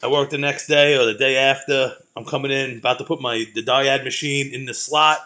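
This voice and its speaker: A man's voice: medium pitch, fairly even intonation, brisk, sharp tone. A middle-aged man, ranting in a profane, rambling way as he hosts a casual talk show. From Brooklyn, New York. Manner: profane, rambling, heated storytelling. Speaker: podcast host.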